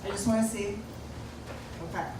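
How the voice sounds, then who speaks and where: A woman doing a stand-up comedy set in a small coffee shop, playfully teasing the crowd with big, lively swings in her delivery. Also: mid-range voice, moderate pace. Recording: echoey room taped from far off with noise.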